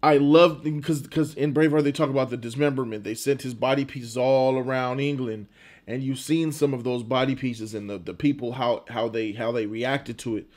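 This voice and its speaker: A man's voice: mid-range voice, fairly even intonation, moderate pace, a little mellow. A man giving a casual, emphatic movie review, informal and often restarting his words.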